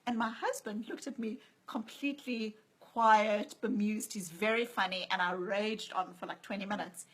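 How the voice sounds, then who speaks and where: A woman's voice: medium pitch, steady tone, moderate pace, slightly rough, rough recording. A woman speaking as an author and guest in a conversational interview, telling stories and acting out the voices she quotes. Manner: storytelling, acts out quoted voices.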